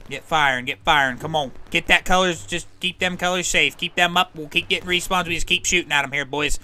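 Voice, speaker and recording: A man with a bright, crisp voice pitched a little high leads his team in a live game stream. He rallies them with short, repeated commands over voice chat, clear and forceful. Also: fairly quick. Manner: commanding, rallying, repeats orders. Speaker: streamer leading a squad as in-game officer. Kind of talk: live gameplay voice chat, barking orders.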